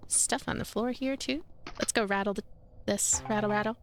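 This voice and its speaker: A woman's voice: medium pitch, steady tone, normal speed. A woman playing a game and commenting in a playful, giggly way, talking to herself. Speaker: let's play host. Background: game music.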